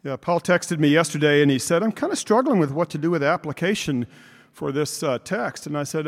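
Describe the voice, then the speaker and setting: Pastor with dry humor in a reverberant church. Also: male voice, on the high side, animated, fairly quick. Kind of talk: sermon. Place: church sanctuary.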